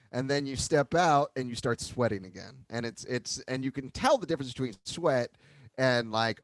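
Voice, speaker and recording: A Philadelphia man hosts a podcast in a casual chat interview, his mid-range voice recorded with studio quality and no echo. He's animated and jokey, laughing often.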